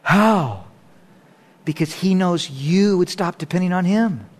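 A high-voiced man preaching a sermon as the pastor of a church service. He swings between loud, raised appeals and soft, low prayer, with joking asides in between. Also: sing-song, slow.

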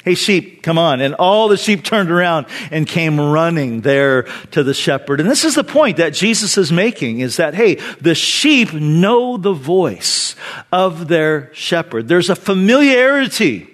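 A man in his fifties, a pastor giving a sermon in an animated, conversational storytelling way. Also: on the high side, a little slow.

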